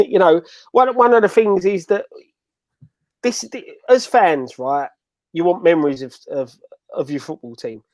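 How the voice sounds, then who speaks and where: A man's voice: high-pitched, unhurried, a little mellow, no echo. A man chatting on a video call from home, talking freely and often repeating himself. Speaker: regular panelist. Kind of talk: casual chat.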